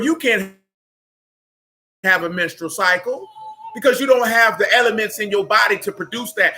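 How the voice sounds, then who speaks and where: A man's voice: sits high, sharp tone. A man preaching a sermon, emphatic and blunt, with street slang and mocking asides.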